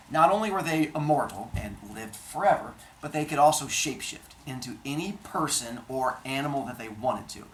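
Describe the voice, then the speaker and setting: A man teaching a class, quizzing his students and telling a story in an animated, joking way. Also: mid-range voice, echoey room, far from the mic, slight background noise, rough recording.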